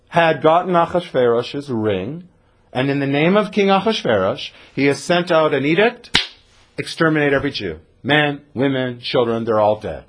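A man's voice: on the high side, husky. A man teaching a scripture class to a group, telling the story with acted-out lines and questions to the listeners. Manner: storytelling teacher who acts out the characters and quizzes the audience. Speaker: rabbi teaching a Torah class. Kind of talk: animated Torah lecture.

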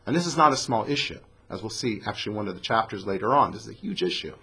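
Animated man teaching a Bible verse. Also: quick pace, slightly rough. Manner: animated, reads Hebrew verses then translates, acts out the speakers with rising pitch. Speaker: Torah teacher. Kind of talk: Bible class lecture.

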